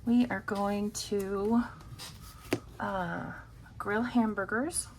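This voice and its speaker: A woman vlogging about her budget at home, chatting casually and rambling with many pauses and ums while counting cash. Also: mid-range voice, noisy background.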